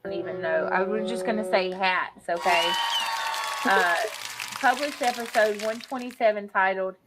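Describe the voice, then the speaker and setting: A woman in a played video clip reads aloud from a web page at a middle pitch. She pauses often and stumbles over names, filling the gaps with fillers. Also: heavy background noise. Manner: hesitant, unsure of names, many fillers.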